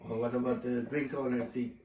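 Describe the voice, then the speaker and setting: A man's voice: medium pitch, little pitch movement, fairly quick, far from the mic. A man helping a child with an experiment at home, patiently prompting with quiz questions in casual talk. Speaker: parent helping with a kids' experiment. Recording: roomy, off-mic, faint noise.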